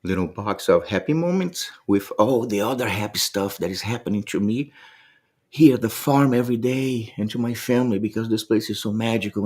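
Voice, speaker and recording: A man with a somewhat low voice shares reflective motivational thoughts in a vlog. He talks earnestly and from the heart, often circling back and repeating words as he searches for what to say. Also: a little mellow. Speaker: motivational vlogger.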